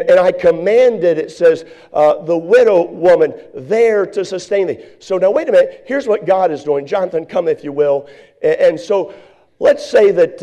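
Male pastor, high-pitched, sermon delivery with rising shouted emphasis.

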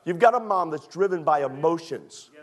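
Joking, emphatic preacher with a light voice. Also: male voice, a little high, lively intonation, normal speed. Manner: conversational and joking, with emphatic swells. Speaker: pastor. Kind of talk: sermon.

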